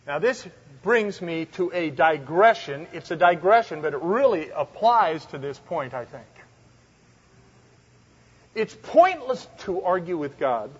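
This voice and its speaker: A man's voice: fairly high pitch, big pitch swings, a little slow, slightly rough. A man teaching a Bible study, reading scripture aloud with dramatic emphasis and explaining it in a conversational way. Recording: dull lo-fi recording.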